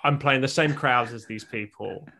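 A man's voice: medium pitch, moderate pace, sharp tone. A man, a stand-up comedian, musing in casual chat with a self-deprecating manner.

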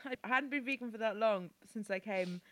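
A woman's voice: a little high, brisk. A woman co-hosting a podcast in casual chat, earnest and rambling, stumbling over words. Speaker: podcast co-host.

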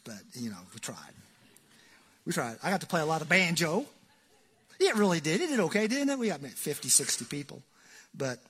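Pastor, male, high husky voice, folksy joking sermon delivery with loud peaks and quiet asides. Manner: folksy, joking, swings between loud emphasis and hushed asides.

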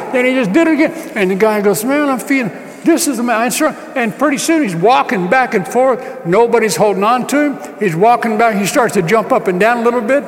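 A man preaching a sermon, telling a story with acted-out dialogue and rising to shouts. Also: very high voice, animated, quick pace, long reverb tail. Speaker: pastor.

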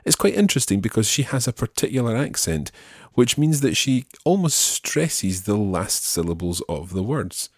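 Low-voiced man teaching French phrases. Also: animated, husky, no echo, studio quality. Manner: slow careful repetition of phrases. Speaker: language teacher.

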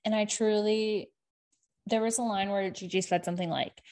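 A woman co-hosting a podcast in casual gossiping chat, throwing in quick asides and the odd swear word. Her voice sits at an ordinary middle pitch and her delivery is loose and conversational. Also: fairly even intonation, a little mellow. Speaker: podcast co-host. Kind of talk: casual chat recapping a reality show.

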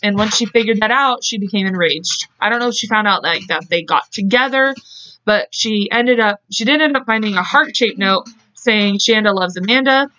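A woman's voice: medium pitch, moderate pace, bright, forceful tone, no echo, muffled recording. A woman hosting a podcast, telling a true story in a casual, chatty way, with frequent swearing and laughing asides. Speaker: podcast host.

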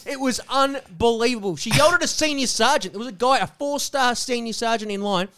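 A man playing a loud, crude segment host who rants with mock outrage. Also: very high-pitched, quick pace, voice pushed up. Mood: ranting. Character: loud foul-mouthed male segment host with a grudge.

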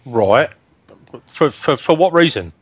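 Blunt bloke on a dry mic. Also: male voice, mid-range voice, expressive, slow pace, slightly rough, no room sound. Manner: blunt, insistent. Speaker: football podcast panelist. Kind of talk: casual chat.

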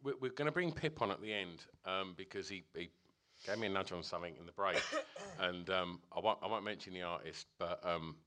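A man's voice: low voice, a little fast, hardly any pauses, pushed and bright. A man hosting a podcast in casual chat, often stumbling and restarting his sentences. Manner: stammering restarts, chatty. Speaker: podcast host.

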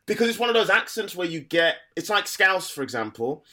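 A stand-up comedian from England's Black Country chats casually on a podcast, his accent clear. His high voice is sing-song, fairly quick, pushed and bright. He rambles, often restarting his sentences and breaking into laughter.

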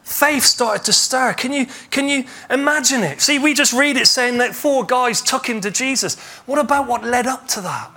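A man preaching a sermon as pastor, retelling a story with lively acted-out dialogue. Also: extremely high pitch, normal speed, hardly any pauses. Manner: animated storytelling, acts out imagined dialogue.

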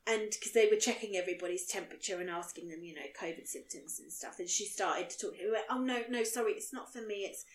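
A woman's voice: mid-range voice, fast, hardly any pauses, echoey room. A woman in her thirties, a podcast co-host telling a story in casual chat, acting out the people in it with laughter. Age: 30s.

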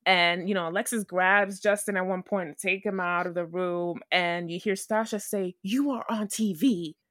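A woman co-hosting a podcast in casual chat, animated and acting out what others said. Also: fairly low pitch, normal speed, no room sound, studio quality. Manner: animated, acts out quotes with laughs. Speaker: podcast co-host.

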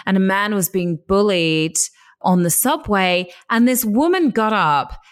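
A woman talking in a relaxed, reflective way in a casual chat, with drawn-out asides. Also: medium pitch.

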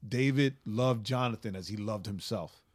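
A man from New York co-hosting a casual faith podcast, talking in an animated way and often checking in with "right?". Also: fairly low pitch, moderate pace, no echo, clean studio sound. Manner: animated, conversational, frequent "right?" asides. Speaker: podcast co-host.

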